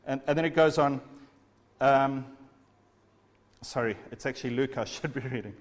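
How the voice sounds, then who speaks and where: A man's voice: medium pitch, moderate pace. A man preaching a sermon, speaking with emphasis and asking his listeners rhetorical questions. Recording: long hall reverb.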